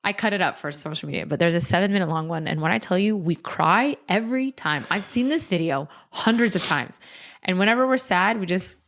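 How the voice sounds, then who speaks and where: Animated, laughing woman comedian storyteller. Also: lowish voice. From United States. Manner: animated storyteller, laughs often, quick asides. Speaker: comedian and content creator guest. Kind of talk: casual podcast chat.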